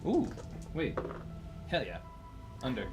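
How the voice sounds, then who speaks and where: A man's voice: medium pitch, slow pace. Guy player, laid back, lots of yeah yeah, music behind. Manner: relaxed, hesitant, many "yeah"s. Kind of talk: casual tabletop play.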